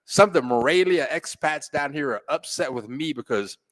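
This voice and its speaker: A man hosting a casual live stream, greeting viewers by name with playful, folksy shout-outs. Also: a little high, expressive, moderate pace. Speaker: host of a live stream about living abroad. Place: home in a Mexican city.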